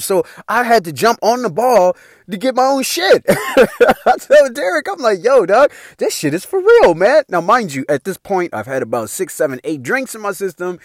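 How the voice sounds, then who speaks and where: An animated man recounts a wild night in a loose, profanity-laced storytelling style, laughing as he goes. His voice sits a bit high for a man and swings widely in pitch. The sound is dry and close, with no room echo. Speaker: vlogger telling a personal story. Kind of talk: casual storytelling.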